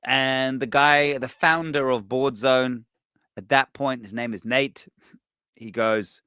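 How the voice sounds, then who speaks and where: A man hosting a podcast, telling a story in a casual, animated way, swearing and acting out what people said. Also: mid-range voice, takes it slowly, smooth, no echo, clean studio sound. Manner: animated, swearing, acts out quoted voices. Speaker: podcast host.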